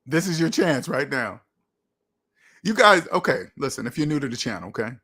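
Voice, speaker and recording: A man hosting a livestream, answering viewers' comments in an emphatic way, slowing down to stress his points. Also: mid-range voice, big pitch swings, pushed and bright, husky. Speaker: livestream host. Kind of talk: live chat reading comments.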